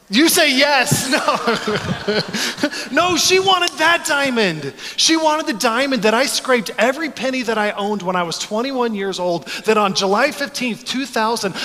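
A man in his forties preaching a sermon, telling stories in an animated, joking way. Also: high-pitched, big-room sound. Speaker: pastor.

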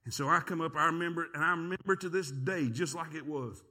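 A man's voice: fairly high pitch, fairly quick. A middle-aged man preaching a sermon in a church, telling a folksy story and calling out to the congregation. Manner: animated, folksy, talks to the congregation. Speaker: pastor. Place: church sanctuary.

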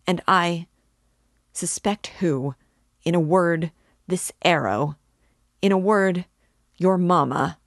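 A haughty, easily offended gentleman from a classic novel, voiced by a woman reading aloud. He speaks in a low, formal, supercilious way. The sound is close and dry. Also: takes it slowly, pauses often, dry recording. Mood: indignant. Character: pompous, touchy middle-aged gentleman suitor.

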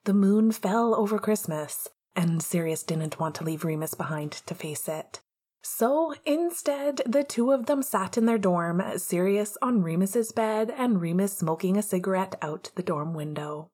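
Husky-voiced woman reading fan fiction. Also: mid-range voice, a little slow, dark tone. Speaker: podfic reader. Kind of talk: storybook narration.

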